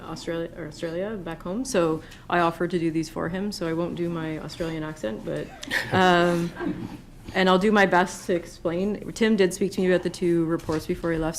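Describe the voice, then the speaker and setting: A woman's voice: fairly low pitch, a little mellow, slight background noise. A woman on township staff presenting reports at a council meeting in council chambers, talking conversationally with many ums and some light laughter.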